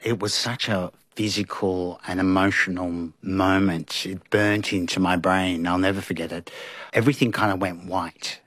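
A middle-aged man, a guest on a talk show, telling stories in an animated, casual way with laughs. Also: sits low, normal speed, no room sound. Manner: animated anecdotes with laughs and acted-out quotes. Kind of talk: casual storytelling.

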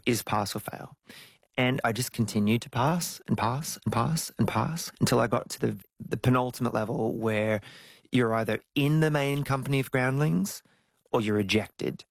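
A man, telling stories as an interview guest, jumping into high squeaky tones when he jokes. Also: creaky, no room sound. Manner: animated storytelling, jumps to high squeals when joking. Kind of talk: casual interview chat.

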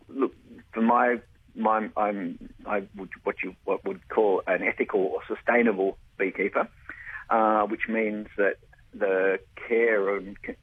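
Over a tinny phone line, a beekeeper guest on a radio interview talks enthusiastically, often stumbling and restarting. His voice is husky and on the low side.

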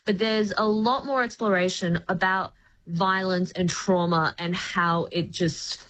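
A woman screen critic on a radio chat, explaining a series in an articulate, lively way. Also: fairly low pitch, unhurried, rough recording. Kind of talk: casual review chat.

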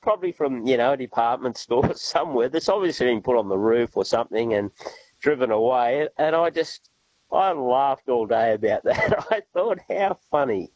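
A man's voice: medium pitch, moderate pace, darkish tone, no room sound, highs cut off. A man calling a radio show, giggling as he tells his story. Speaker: caller.

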